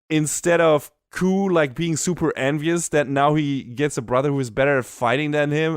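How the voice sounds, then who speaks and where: This smooth, mid-range male voice belongs to a podcast co-host enthusiastically reviewing anime in a relaxed chat, often swearing and breaking into laughter. The sound is dry, with studio quality.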